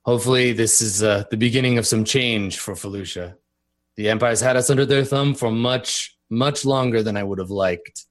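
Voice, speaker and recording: A calm, self-assured local man who is grateful for help and plainly able to handle himself, as a game master puts him on. He talks in a matter-of-fact way in an everyday voice of middling pitch, only a touch lower and softer than the narration around him. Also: moderate pace, lightly acted. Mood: reassuring.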